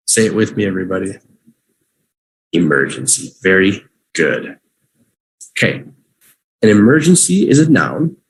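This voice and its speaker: A man teaching English vocabulary on a livestream, repeating each word slowly for learners to say with him. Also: lowish voice, slight background noise. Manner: slow, drawn-out repetition for learners.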